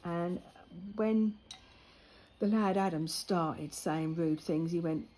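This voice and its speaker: A woman's voice: on the low side, slow pace, rough recording. An older woman, chatting casually and telling a story while she colours, acting out the lines of the people in it. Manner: chatty storytelling with lively retold quotes. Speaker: vlogger.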